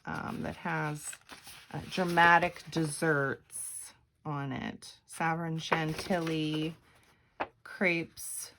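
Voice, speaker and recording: Slow, gravelly-voiced woman crafter. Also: sits low, flat delivery, fairly bright tone, a little hiss or hum. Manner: chatty, meandering, frequent ums and self-corrections. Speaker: craft vlogger. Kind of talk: casual craft flip-through.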